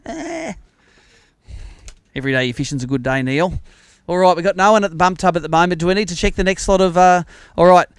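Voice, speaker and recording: A man's voice: high-pitched, lively intonation, fairly quick, long pauses, clear, resonant tone, no echo, clean studio sound. An Australian man emceeing a fishing tournament weigh-in outdoors, upbeat and chatty, bantering with the anglers. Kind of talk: live announcing and banter.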